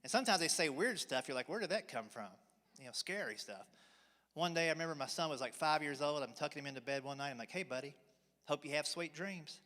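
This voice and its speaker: A man in his forties delivers a folksy stand-up routine with an unhurried, drawling storyteller's manner. His voice sits a little high for a man. The sound rings with the long reverb of a big church hall. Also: expressive, sharp tone. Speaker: stand-up comedian. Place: church hall, live audience.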